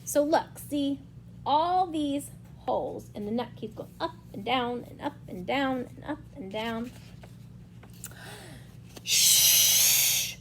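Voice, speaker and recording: A woman reading a picture book aloud to young children, explaining the story slowly in a sing-song manner. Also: high-pitched, lively intonation, a little mellow, a little hiss or hum.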